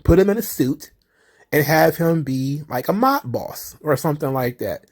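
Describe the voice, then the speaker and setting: Guy doing casual wrestling commentary, blunt and sweary, voice on the higher side. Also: animated, moderate pace, a little mellow. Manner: blunt and profane, mocking acted-out exchanges. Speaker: wrestling commentary channel host.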